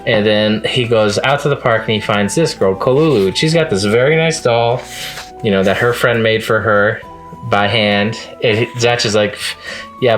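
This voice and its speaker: A man's voice: lowish voice, a bit bright. A man talking casually in a manga review vlog, chatty and amused, often laughing at the scenes he recaps.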